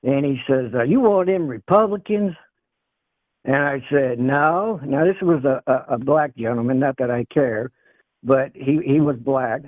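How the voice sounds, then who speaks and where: A man's voice: medium pitch, a little slow, no room sound. Rambling man on a tinny phone line. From Northeast Ohio. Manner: rambling, laughing, repeats himself. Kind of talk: casual call-in debate.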